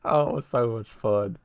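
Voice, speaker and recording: A young man with a lowish, smooth and resonant voice chats casually on a podcast. He tells stories with easy energy and chuckles at his own jokes. The sound is dry and close, with no room around it. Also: a bit bright, no room sound. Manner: chatty storyteller, laughs at own stories. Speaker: podcast co-host.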